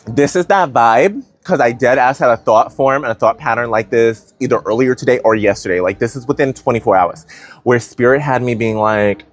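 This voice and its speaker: A man giving a casual spiritual tarot reading, animated and playful, thinking aloud with lots of "like" and "you know". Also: mid-range voice, normal speed. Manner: animated, playful, many fillers like "like". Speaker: tarot reader.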